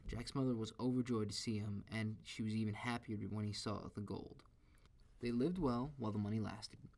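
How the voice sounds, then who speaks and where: Gravelly low-voiced man reading a story. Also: moderate pace, a little hiss or hum. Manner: steady, expressive storytelling.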